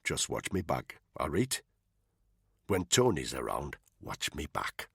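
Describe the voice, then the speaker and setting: Man voicing a shifty soldier, muttering, low, husky, very deep voice. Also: very animated, slow, dry recording, studio quality, full character voice. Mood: hushed. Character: shifty, wary male soldier.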